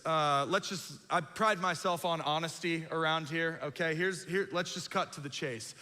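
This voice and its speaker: A man preaching a sermon, telling a self-deprecating story in an animated, joking way. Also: fairly high pitch. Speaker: pastor. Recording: long hall reverb.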